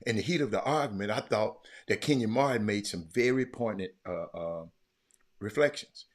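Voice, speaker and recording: A man hosting a casual sports commentary talk, telling a story animatedly and getting loud when he quotes others. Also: fairly low pitch, moderate pace. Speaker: podcast host.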